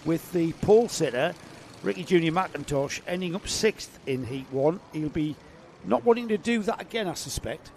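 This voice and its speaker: A man's voice: on the high side, normal speed, gravelly, a little hiss or hum. A man giving live, chatty race commentary that lifts on the action. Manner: chatty, jokey, rising excitement on action.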